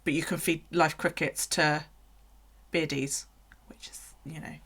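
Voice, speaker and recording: A woman's voice: sits low, fairly even intonation, a little slow, fairly bright tone, husky. A woman chatting casually on a home livestream. She swears freely and coos at her pets.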